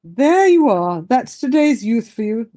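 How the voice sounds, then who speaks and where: A woman's voice: on the high side, very animated, a little slow, warm tone. A woman voicing a pompous, old-fashioned older male aristocrat in a dramatic reading of a novel, with a haughty, indignant manner.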